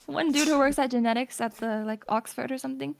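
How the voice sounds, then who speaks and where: High-voiced young woman, chatty and teasing. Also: fast, vocal fry. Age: young adult. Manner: imaginative, rambling, teasing, laughs often. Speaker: streamer. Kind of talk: casual chat.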